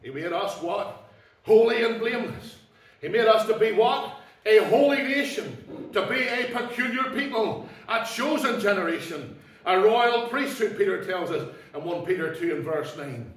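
A man preaching a sermon as pastor, emphatic, swinging between loud declarations and low, quiet asides. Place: church. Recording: echoey church hall, mic at a distance.

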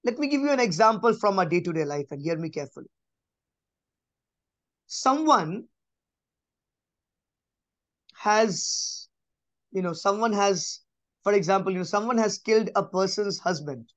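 A man giving a conversational Bible teaching, emphatic, repeating key phrases and dropping to a soft, low voice. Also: expressive, unhurried, long pauses, no room sound. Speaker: preacher.

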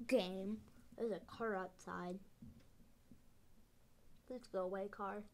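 A young woman casually commenting while she plays a video game, rambling and excitable, her speech slightly off from a dental expander. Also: mid-range voice, slow pace, long pauses. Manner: chatty, excitable, rambling with fillers. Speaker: gaming video host.

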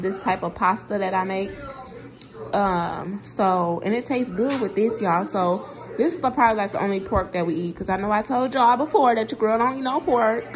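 A woman chatting casually to viewers about her grocery haul, a little sick with a sore throat and runny nose. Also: medium pitch. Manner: chatty, talks straight to viewers, says y'all a lot. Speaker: vlogger.

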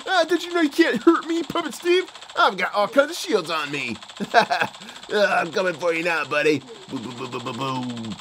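A performer voicing an excitable, giggly male puppet who hosts a kids' game play show, laughing often and making boom and beep sounds. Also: slight background noise. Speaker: host. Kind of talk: game play commentary for kids.

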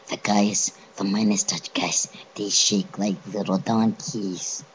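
A man's voice: fairly low pitch, steady tone, slow pace, slight background noise, poor audio. A young man doing goofy, mock-dramatic commentary while playing a game, often dropping to a whisper. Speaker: gamer recording a video.

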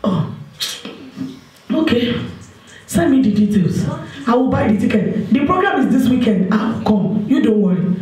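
A woman with a Nigerian accent playing a single woman desperate to marry, pleading and complaining on a phone call in a church stage drama, with bursts of shouting. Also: on the high side, very animated, moderate pace, pauses often. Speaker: stage actor. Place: stage in an echoey hall. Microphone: distant mic. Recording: echoey hall, distant microphone.

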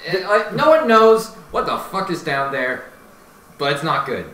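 A young man doing casual esports play-by-play, knowledgeable and quick with game jargon, swearing casually. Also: high voice, sing-song, pushed and bright. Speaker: play-by-play commentator. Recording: roomy echo with faint noise.

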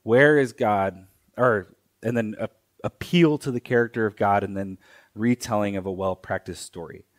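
A man preaching a sermon in a church, teaching slowly and deliberately, pausing and repeating key phrases. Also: on the low side. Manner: slow, deliberate teaching with pauses and repetitions.

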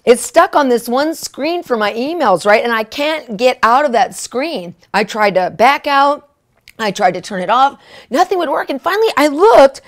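A woman minister telling a testimony in a sermon, excitable, often laughing and asking "right?" and "okay?". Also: sits high. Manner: laughs often mid-sentence.

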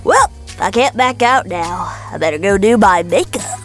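Woman doing a playful sneaky prankster lady, singsong swoops, slow, music under. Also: medium pitch, expressive, close to an everyday voice.

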